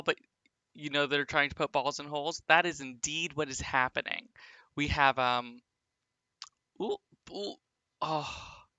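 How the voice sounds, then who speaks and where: A man's voice: mid-range voice, sharp tone, clear, resonant tone, dry recording. A man streaming a basketball simulation game, rambling casually with viewers and full of fillers. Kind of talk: casual live-stream commentary over a basketball sim.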